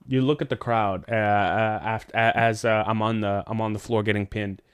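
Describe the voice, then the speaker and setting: Guy on a podcast rambling through a story, swears a lot, smooth clear voice, super dry close mic. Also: steady tone, moderate pace, dry recording. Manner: rambling, profane, jumps into high voices quoting people. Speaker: podcast host. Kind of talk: casual storytelling chat.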